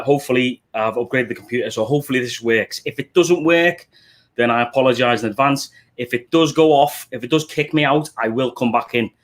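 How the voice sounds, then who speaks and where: Man, Liverpool accent, middle-aged, casual live-stream host, chatty, greets everyone as mate, mid-pitched voice. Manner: chatty, greets viewers one by one with "mate" and "buddy". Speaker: livestream host.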